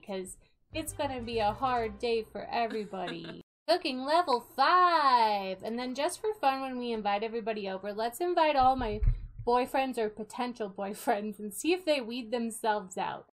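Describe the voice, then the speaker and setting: A young woman casually commenting on a life-sim game she plays, chatty and quick to laugh. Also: a little high, expressive, a little hiss or hum, poor audio. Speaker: gaming video host.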